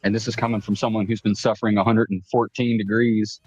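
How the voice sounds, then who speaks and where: A man chatting casually as a co-host, relaxed and joking, with casual swearing. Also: fairly low pitch, quick pace, slightly rough. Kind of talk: casual chat. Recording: dull dry sound.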